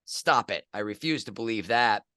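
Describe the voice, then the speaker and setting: A middle-aged man co-hosting a casual sports podcast, jokey and animated, with loud excited outbursts. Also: fairly low pitch, moderate pace, clear, resonant tone, dry recording, studio quality. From United States. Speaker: podcast co-host.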